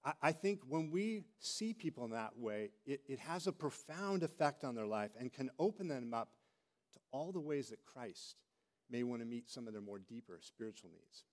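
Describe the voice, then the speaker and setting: A middle-aged man preaching a sermon as a pastor, telling stories with animated delivery and acting out quoted voices. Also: mid-range voice, normal speed.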